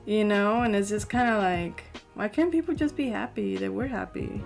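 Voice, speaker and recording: A woman's voice: mid-range voice, normal speed, gravelly, a little mellow, faint music behind. A young woman co-hosting a podcast, telling a long story in casual chat with many fillers. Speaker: podcast co-host.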